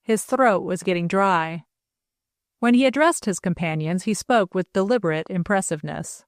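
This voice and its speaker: A woman narrating a novel as an audiobook reader in an even, clear storytelling manner. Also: lowish voice, normal speed, no echo, studio quality. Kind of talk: scripted narration.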